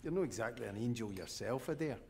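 An actor voicing a wry Scottish oil rig electrician with a cheeky, sweary way of talking. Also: male voice, medium pitch, animated, fast talker, darkish tone, slight background noise, close to an everyday voice. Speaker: game character, electrician.

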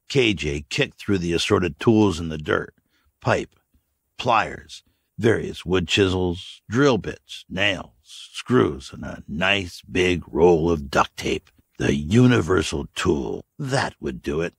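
A man reads a story aloud in a steady, even way. His voice is deep and gravelly, with a husky rasp. It is recorded close and dry. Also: slow pace, no room sound. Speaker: narrator. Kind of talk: audiobook narration.

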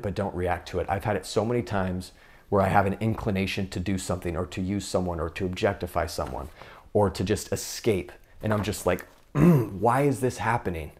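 A man's voice: low voice, a little mellow. A young man giving an earnest faith talk, coaching viewers through an exercise and acting out inner voices. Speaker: Catholic speaker.

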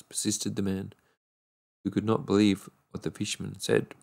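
A man reading a fairy tale aloud, unhurried, now and then stumbling and correcting a word. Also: fairly low pitch, monotone, gravelly, a little mellow. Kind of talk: read-aloud storybook narration.

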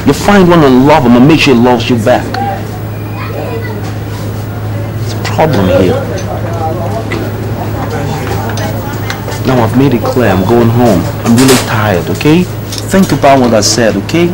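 A man's voice: mid-range voice, animated, brisk, crowd noise, lightly acted, low-quality recording. An actor playing a young man, dismissively lecturing his fiancée about an arranged marriage. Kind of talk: film drama dialogue.

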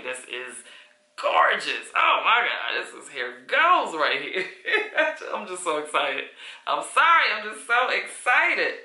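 A woman's voice: low voice, bright, forceful tone. A woman reviewing a wig in a chatty, effusive vlog, calling viewers honey and y'all. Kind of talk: casual product review vlog. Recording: echoey room.

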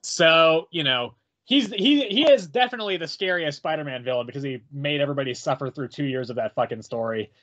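A man's voice: fairly high pitch, fairly quick, a bit bright. A man co-hosting a casual comic review podcast, hedging with many ums and swearing casually, on a muffled, crackly mic. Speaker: podcast co-host.

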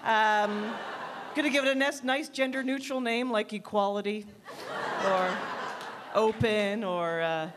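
A woman's voice: medium pitch, background noise. Woman doing dry stand-up. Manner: dry, self-deprecating storytelling; quick animated voices for quoted people. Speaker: stand-up comedian. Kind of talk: stand-up routine. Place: comedy club stage.

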